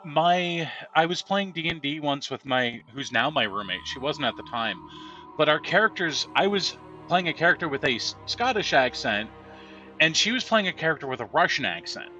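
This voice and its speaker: A man's voice: a little high, sing-song, normal speed, pushed and bright, lo-fi sound, soft background music. A man telling rambling anecdotes with laughs while giving casual gameplay commentary. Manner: rambling, chatty storytelling with laughs. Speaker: gameplay streamer.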